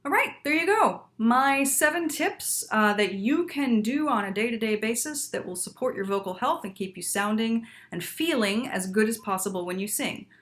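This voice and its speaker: A woman in her thirties gives a casual video lesson on looking after the singing voice. Her voice sits a little high, and she talks in an emphatic, lively way, often tossing in a quick "right?" to check in with the viewer. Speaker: voice teacher.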